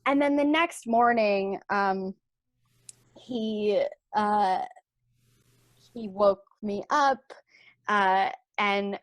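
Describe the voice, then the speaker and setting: A woman's voice: extremely slow, pauses often, no echo, clean studio sound. A young woman, a podcast guest, frankly telling a personal story and laughing as she goes. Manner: frank, laughs through the telling, animated swings in pitch and volume. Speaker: podcast guest, intimacy coordinator.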